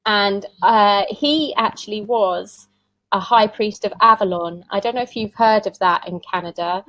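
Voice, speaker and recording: A woman's voice: medium pitch, unhurried, fairly bright tone, dry recording, poor audio. Chatty woman, dry close sound. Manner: chatty storyteller who laughs often. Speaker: tarot reader, summit guest. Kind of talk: casual conversational interview.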